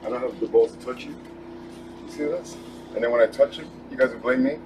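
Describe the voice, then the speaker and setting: A man's voice: medium pitch, quick pace. A man inside an RV who speaks in a threatening way and repeats the same short lines again and again. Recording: noisy vehicle interior.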